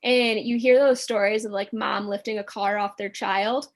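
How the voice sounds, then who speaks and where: A woman guest telling a personal story in a casual interview, animated and full of filler words. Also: medium pitch, moderate pace.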